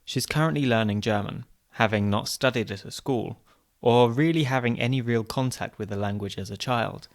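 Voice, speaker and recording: A man hosts a podcast, delivering scripted narration clearly and evenly. His pitch sits in an ordinary middle range for a man. The humour is light and dry. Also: moderate pace. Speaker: podcast host.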